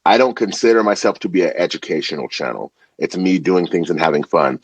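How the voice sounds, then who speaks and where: A young adult man, a food content creator guesting on a podcast, talking in an animated, slangy way with casual swearing. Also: low voice, brisk, slightly rough, dry recording, dull audio. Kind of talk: casual chat.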